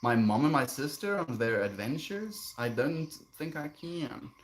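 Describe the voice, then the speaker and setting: A man streaming live, reading viewer comments aloud and answering them in a relaxed, chuckling way, sometimes drifting into gentle musings. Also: on the high side, unhurried, a little hiss or hum. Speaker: livestreamer reading chat. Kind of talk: casual livestream chat.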